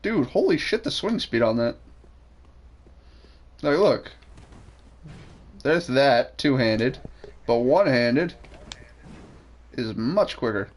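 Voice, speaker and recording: A man's voice: mid-range voice, animated, slow pace, long pauses. A young man streaming a game, chatting crudely and joking while he works out weapon damage aloud. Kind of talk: casual gaming chat.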